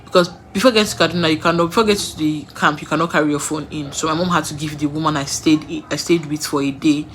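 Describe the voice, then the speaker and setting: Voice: medium pitch, fairly even intonation, fast, hardly any pauses, fairly bright tone, slight background noise. A young adult with a Nigerian accent tells personal stories in a casual way, repeating words for emphasis and laughing between sentences. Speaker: vlogger.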